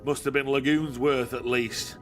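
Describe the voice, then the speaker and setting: A man voicing a boastful, gruff male hero who brags in a thick, folksy dialect. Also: mid-range voice, steady tone, normal speed, faint music behind, natural voice. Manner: blustering, dialect-heavy bragging.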